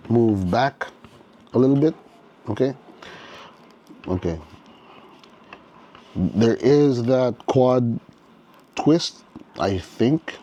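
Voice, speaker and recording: A man talks his way through a toy figure at an easy, unhurried pace, his pitch sitting in a middle range. He thinks aloud, restarts his phrases and keeps checking in with the listener, his enthusiasm for the figure plain in every remark. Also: dark tone. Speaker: toy reviewer. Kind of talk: casual unboxing commentary.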